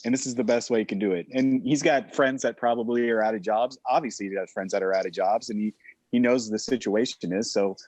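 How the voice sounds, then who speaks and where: A man co-hosting a casual podcast, talking in an animated, opinionated way and often saying "man". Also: fairly low pitch, fairly quick, no room sound. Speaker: podcast co-host. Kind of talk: casual chat.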